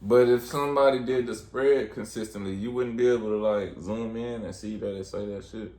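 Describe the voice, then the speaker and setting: A man's voice: on the low side, steady tone, brisk, a little mellow. A man hosting a reaction video, laid-back, slangy and profane. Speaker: reaction channel host. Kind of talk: casual reaction chat. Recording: roomy.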